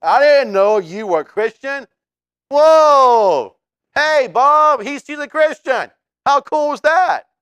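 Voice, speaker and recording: Male preacher doing over-the-top amazed friend, squeaky-high, shouty. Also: expressive, normal speed, no room sound. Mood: astonished. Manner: gushing, exclamatory. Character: amazed, overexcited grown man acquaintance.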